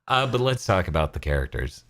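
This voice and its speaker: A man's voice: rumbling low, big pitch swings, a little fast, fairly bright tone. A man co-hosting a casual podcast, joking and laughing often and swearing freely. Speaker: podcast co-host.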